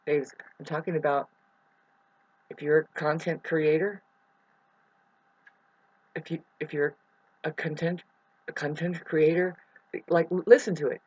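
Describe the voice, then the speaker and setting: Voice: medium pitch, little pitch movement, a little mellow, no room sound. Vlogger, mid-range voice, meandering monologue full of restarts; dry, lo-fi sound. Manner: meandering, free-associating, with many restarts and pauses. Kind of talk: rambling spoken monologue. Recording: dry, slightly dull lo-fi sound.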